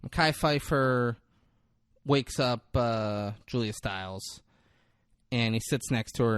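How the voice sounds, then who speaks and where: A man's voice: medium pitch, a little slow, clear, resonant tone, no room sound, studio quality. A man co-hosting a podcast, recapping a film in a casual chat and swearing freely. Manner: retells scenes with excited acted-out quotes, swears freely. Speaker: podcast co-host.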